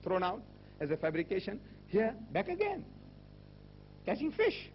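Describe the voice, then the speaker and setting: A man giving a public religious lecture as a Muslim speaker, rhetorical and animated, firing questions at his audience. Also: high voice, a little slow. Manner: rhetorical, animated, with repeated questions and mocking quoted voices. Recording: dull lo-fi recording with faint hum.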